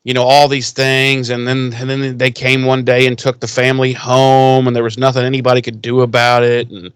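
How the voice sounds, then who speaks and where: Guy on a podcast recapping a show, smooth dry voice, lots of laughing and cussing. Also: medium pitch, monotone, fairly quick, no echo. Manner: laughing, profane, retells scenes in quoted voices. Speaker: podcast co-host. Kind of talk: casual recap chat.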